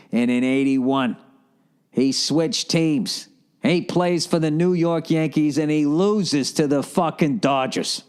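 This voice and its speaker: A man's voice: medium pitch, darkish tone. Man, podcast host, solo monologue, rambling, swears a lot, sarcastic asides.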